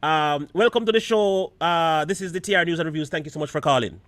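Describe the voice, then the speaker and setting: A man's voice: a little high, quick pace, a bit bright, a little hiss or hum. A Jamaican man hosting a live stream show, chatting casually and mixing patois with standard English.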